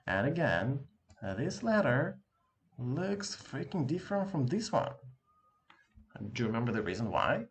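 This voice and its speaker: A man teaching an online language lesson, lively and encouraging, talking casually with slang to his viewer from a room with an open window. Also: medium pitch, a little slow, pauses often. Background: dog barking outside.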